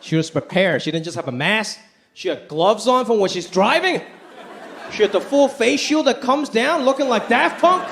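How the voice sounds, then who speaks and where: On a live stage before a laughing audience, a man performs stand-up with a high, expressive, creaky voice at normal speed. He talks animatedly and does quoted voices, and the live recording carries crowd sound and faint noise.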